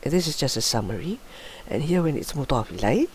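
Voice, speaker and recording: A woman's voice: sits low, big pitch swings, a little fast, darkish tone, a little hiss or hum. Woman teaching on a video call. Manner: patient, guiding with short prompts and affirmations. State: coughing. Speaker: Arabic grammar teacher. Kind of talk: online class teaching.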